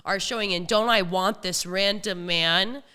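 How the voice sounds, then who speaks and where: A young woman tells a story on a podcast in a casual, animated way. Her voice is bright and smooth. She slips into the voices of the people she quotes. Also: mid-range voice, measured pace. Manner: animated, acts out quoted voices, laughs often. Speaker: podcast host.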